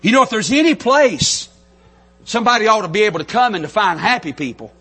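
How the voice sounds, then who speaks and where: A middle-aged Southern pastor, his drawl unmistakably North Carolinian, preaches a little fast and animatedly from the pulpit. His voice is high, bright and a bit husky, dropping to soft lows and climbing fervently to shouts.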